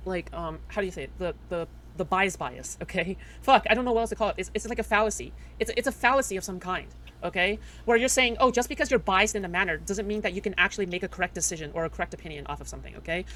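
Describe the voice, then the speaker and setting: A woman's voice: medium pitch, a bit bright, a little hiss or hum. A woman streamer ranting heatedly to her chat, swearing often and tagging nearly every sentence with "okay?". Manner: heated, profane, repeats "okay?" constantly. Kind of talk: livestream reaction rant.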